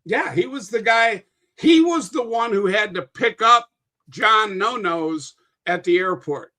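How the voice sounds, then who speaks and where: A man's voice: high-pitched, lively intonation, unhurried, pushed and bright. A man talking as a guest on a casual podcast, rambling through long stories with many restarts and some swearing. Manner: rambling, with frequent restarts and profanity.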